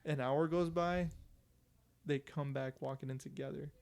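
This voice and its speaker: Gravelly profane storytelling guy. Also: mid-range voice, steady tone, a little slow, a little mellow. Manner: loose, profane storyteller with frequent "like" and laughs. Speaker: podcast co-host. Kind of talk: casual podcast chat.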